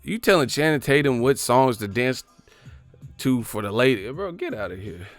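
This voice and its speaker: A man's voice: medium pitch, animated, normal speed, no room sound, soft background music. A man hosting a boxing livestream, ranting casually and profanely while driving his car. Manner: profane, rambling, mocking. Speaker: boxing channel host.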